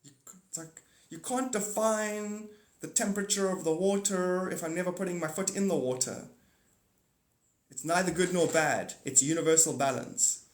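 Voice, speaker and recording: Animated man rambling on a live stream. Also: high voice, normal speed, reverberant. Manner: animated, swings between loud outbursts and muttering asides.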